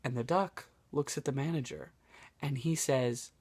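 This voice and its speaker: A young man telling jokes into his phone in a slow, deadpan way, with self-deprecating asides. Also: mid-range voice, slightly rough. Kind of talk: casual joke-telling to a phone camera.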